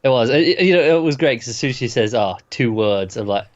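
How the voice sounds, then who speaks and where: Male co-host, short agreeing replies, mid pitch, muffled lo-fi audio. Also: animated, quick pace. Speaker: podcast co-host. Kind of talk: casual review chat. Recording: dull lo-fi sound.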